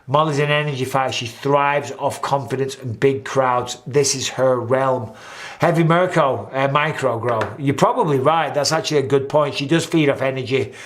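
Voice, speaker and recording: A man hosts a casual chat, acting out what people said and swearing as he goes. His voice is medium-pitched at a normal speed, and his manner is animated.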